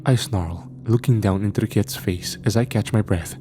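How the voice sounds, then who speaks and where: A man narrating a first-person horror story in a tense, measured way. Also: lowish voice, warm tone, faint music behind.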